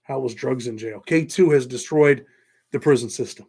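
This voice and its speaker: Gravelly and darkish with a breathy edge, the voice belongs to a middle-aged New York man with a Southern-tinged American accent. At medium pitch and moderate pace, he hosts a laid-back livestream, chatting with viewers and thanking them by name.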